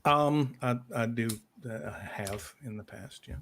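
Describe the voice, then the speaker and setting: A man playing a guilt-ridden occult investigator in a tabletop game, telling his story in halting, hesitant bits. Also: mid-range voice, vocal fry, a bit bright, slight background noise. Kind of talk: in-character tabletop role-play.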